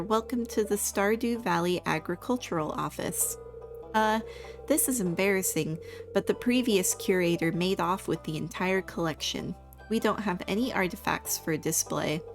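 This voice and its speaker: A woman's voice: medium pitch, creaky, lightly acted. A woman reading aloud the earnest, apologetic lines of a male museum curator.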